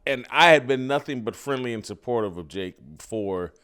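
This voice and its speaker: A man hosting an interview, asking earnest, measured questions. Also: medium pitch, expressive, fairly bright tone, clean tone. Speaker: host.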